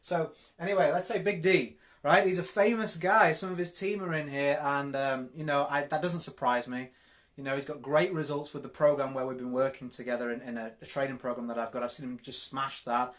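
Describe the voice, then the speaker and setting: A man's voice: medium pitch, steady tone, a little fast, fairly bright tone. A man with a Yorkshire accent giving a live-streamed network marketing coaching talk, direct and emphatic, often repeating words for stress. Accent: Yorkshire English.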